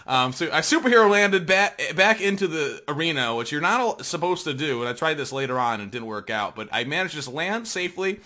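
A man's voice: a little high, lively intonation, a little fast, hardly any pauses, pushed and bright. A man co-hosting a podcast, talking casually and at length about video games, swearing freely, restarting sentences and laughing often. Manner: rambling, profane, laughs often, many restarts. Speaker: podcast co-host. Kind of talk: casual gaming chat.

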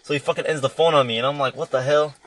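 A man's voice: a little high, fairly even intonation, very fast, noisy background. A young man hosting a podcast from inside a car in the rain, telling a long, rambling, profane story in a casual chat. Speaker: podcast host.

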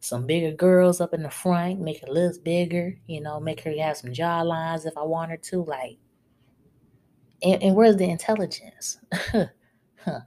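Woman, podcast host, blunt scolding rant, lowish voice. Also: a little slow, warm tone.

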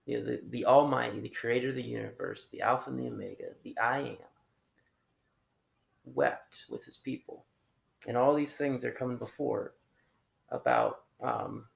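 Casting: male preacher with a strong gravelly rasp, informal and halting, full of restarts. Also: mid-range voice, reverberant. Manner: conversational, halting, many restarts and fillers. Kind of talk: informal sermon.

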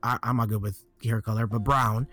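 A man co-hosting a casual gaming talk show, talking in halting starts and restarts as he reasons things through. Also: lowish voice, fairly even intonation, fairly bright tone, soft background music. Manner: halting, restarts, thinks aloud. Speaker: podcast co-host.

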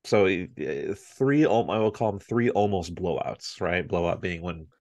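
A man's voice: low voice, measured pace, dry recording, studio quality. A man in his thirties, a podcast co-host, telling a story in casual chat and acting out his family's voices. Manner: animated storyteller, acts out family members' voices.

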